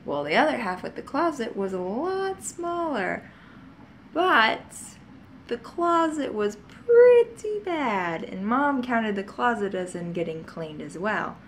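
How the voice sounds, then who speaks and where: A woman's voice: on the high side, very animated, takes it slowly, slight background noise. A woman vlogger telling childhood stories in a casual, rambling way, often laughing and adding asides. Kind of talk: casual storytelling to camera.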